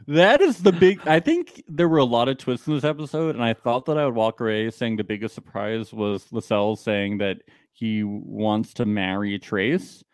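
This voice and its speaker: A man's voice: medium pitch, lively intonation, moderate pace, no echo, clean studio sound. A man co-hosting a podcast, chatting casually and playfully about a reality show episode, laughing often. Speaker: podcast co-host.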